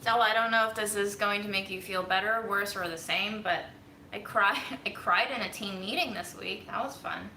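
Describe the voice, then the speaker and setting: A woman's voice: medium pitch, moderate pace, sharp tone, echoey room, a little hiss or hum. A woman vlogging in her home kitchen, chatting casually and rambling with self-mocking humor to her viewers. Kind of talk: casual chat to a livestream audience.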